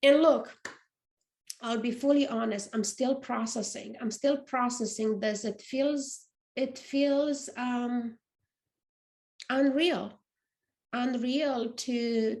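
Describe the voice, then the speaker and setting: Woman, non-native English accent, slightly high voice, unhurried, earnest, reflective podcast monologue. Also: steady tone, darkish tone. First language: not English. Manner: earnest, reflective, repeats words, restarts phrases. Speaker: podcast host. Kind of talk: casual motivational monologue. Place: apartment.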